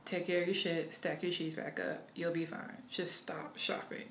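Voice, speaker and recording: A woman's voice: lowish voice, level tone, normal speed, reverberant. A woman vlogging from her apartment, talking frankly and with lots of swearing, laughing at herself as she goes. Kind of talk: casual confessional vlog.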